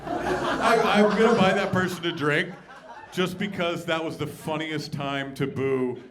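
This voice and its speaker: An Australian man co-hosting a comedy show, with giggly, animated banter. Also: fairly high pitch, unhurried.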